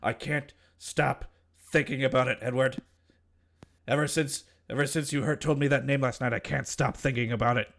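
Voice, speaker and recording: A man voicing a tiny, excitable gnome adventurer who talks in an urgent, pushy way. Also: mid-range voice, moderate pace, vocal fry, voice pushed up.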